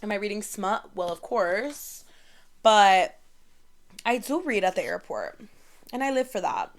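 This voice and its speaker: Her mid-range voice swings widely in pitch and moves at an unhurried pace. She's a young podcaster in her twenties telling stories on her solo show, bubbly and talkative, leaning heavily on "like."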